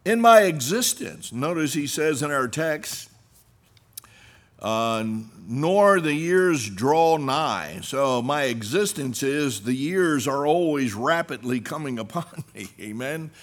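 A man preaching a sermon, reading scripture aloud and swinging from quiet low passages to loud, emphatic climaxes. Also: expressive, measured pace. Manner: preaching, rising to loud emphatic peaks then dropping low; reads scripture in old-fashioned biblical phrasing.

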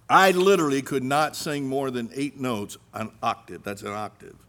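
A middle-aged man preaching a sermon, animated, swinging between loud emphasis and hushed asides. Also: mid-range voice.

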